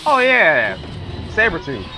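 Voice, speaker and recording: A man's voice: a little high, huge pitch swings, slow, over music. A man hosting a reaction video, chatting casually with short interjections.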